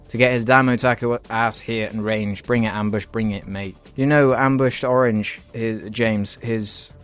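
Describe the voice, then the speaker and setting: A British man tears into viewer comments with dry sarcasm and plenty of swearing, his voice sitting at an ordinary middle pitch. He mocks and rants in the style of a comedy reply video. A little music plays quietly behind him. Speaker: YouTuber reacting to comments.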